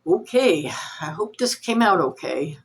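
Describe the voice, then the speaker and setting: A woman's voice: fairly low pitch, very animated, unhurried, husky. A woman hosting a cross-stitch vlog, chatting casually to camera in a nasal, rambling, self-deprecating way.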